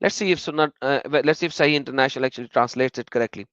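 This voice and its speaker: A man's voice: medium pitch, no room sound. Mocking man commentator, dull dry recording. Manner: mocking, rapid swings between loud exclaiming and muttering. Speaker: online religion critic. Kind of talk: sarcastic video commentary.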